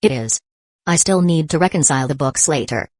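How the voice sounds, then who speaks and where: Lady doing a dry stubborn young barmaid, low voice, dead dry sound. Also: normal speed, a little mellow, dry recording. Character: composed young woman guild barmaid.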